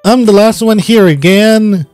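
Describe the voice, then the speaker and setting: Be a man playing a game on camera, loose and chatty, swearing now and then and laughing easily. Keep your delivery slow and a little higher than the average man's. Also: a little mellow, smooth, no room sound, soft background music. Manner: swears and laughs, reads game dialogue aloud. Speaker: gaming channel host. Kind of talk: casual let's-play commentary.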